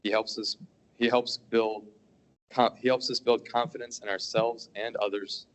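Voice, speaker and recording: A teenage high school student speaks earnestly at a school board meeting. His voice is fairly low, and he often stumbles and restarts his sentences. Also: little pitch movement, normal speed, low-quality recording. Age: teens. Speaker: student giving public comment. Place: meeting hall.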